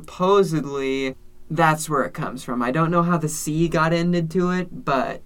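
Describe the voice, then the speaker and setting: A man with a bright, forward voice, chatting casually as a co-host. He explains at length, dropping wry asides and little jokes as he goes. Plain conversational delivery. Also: on the high side, steady tone, measured pace, smooth. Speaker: podcast co-host. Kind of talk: casual chat. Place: based in Salt Lake City.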